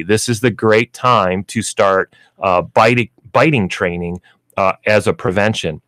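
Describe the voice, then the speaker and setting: A man's voice: lowish voice, animated, a little slow, fairly bright tone, dry recording. A man hosting a pet store radio show, explaining pet training in a chatty way with lots of fillers, in a radio studio. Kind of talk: radio pet advice talk.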